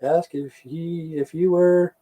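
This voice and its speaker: A middle-aged American man, a vlogger, rants angrily into the camera, swearing and repeating himself in a heated, profane monologue. His voice sits fairly high with fairly even intonation, a slow pace, and a warm tone.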